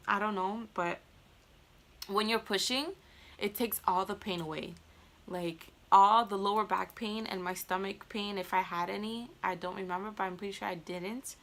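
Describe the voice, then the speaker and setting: A young woman vlogging, telling a personal story in a chatty, candid way and acting out the people in it. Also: medium pitch. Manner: chatty, candid, animated, quotes others in her retelling. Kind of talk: casual storytelling vlog.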